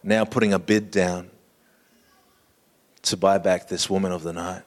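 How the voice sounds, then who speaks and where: A man preaching a sermon, painting a vivid scene slowly and inviting listeners to imagine it. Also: deep voice, steady tone, big-room sound. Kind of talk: storytelling sermon.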